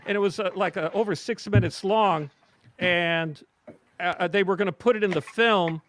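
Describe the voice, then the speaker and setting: Man, high-pitched voice, musician guest, rambling storyteller, casual interview. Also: moderate pace, fairly bright tone. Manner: rambling anecdotes with fillers.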